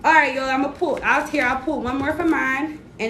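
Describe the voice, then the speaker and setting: A woman's voice: moderate pace, few pauses, sharp tone. A woman giving a casual card reading to livestream viewers, slangy and encouraging as she chats with them. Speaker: spiritual reader on a livestream. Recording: echoey room with faint rumble.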